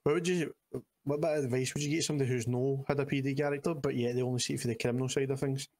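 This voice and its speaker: Guy co-hosting, talks quick, keeps repeating himself, middle voice. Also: medium pitch, fairly even intonation, a little mellow. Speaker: podcast co-host. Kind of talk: casual interview chat.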